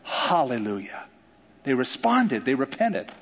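A man preaching a sermon, animated and playful, with voice lifted somewhat high. His words carry a long hall reverb, and the recording sounds a little dull. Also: moderate pace. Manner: animated preaching with jokes and acted-out quotes. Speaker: pastor.

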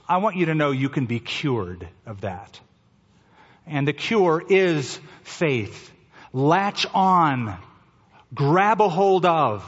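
A male pastor preaching an Easter sermon, slowing down and dropping to a soft, low voice for emphasis. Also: husky. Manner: slows down for emphasis, drops to a soft low voice at key phrases. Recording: dull sound with long hall reverb.

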